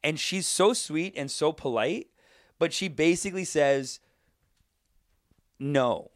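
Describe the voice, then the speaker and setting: A Canadian man chatting casually as a podcast co-host, excitable and quick, saying "dude" often. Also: fairly high pitch, dry recording, studio quality. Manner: fast, excitable, says dude a lot. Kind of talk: casual chat.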